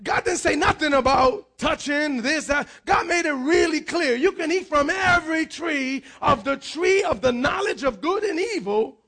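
High-pitched, gravelly pastor preaching loudly. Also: male voice, moderate pace, hardly any pauses. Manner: energetic preaching with frequent shouts and repeated words. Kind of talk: sermon.

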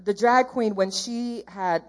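A woman's voice: mid-range voice, slow. A woman giving a church testimony in an earnest, heartfelt, rambling way, jumping around in her story.

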